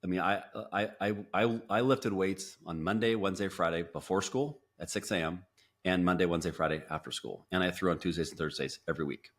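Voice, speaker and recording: A man's voice: deep voice, brisk. A man, a podcast guest, telling a personal story with lots of restarts and acted-out quotes. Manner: animated storyteller, acts out quotes, frequent restarts. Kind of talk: storytelling interview.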